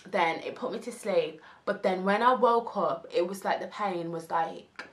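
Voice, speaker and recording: A young woman telling a casual story, animated and acting out the people she quotes. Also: medium pitch, measured pace. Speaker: vlogger.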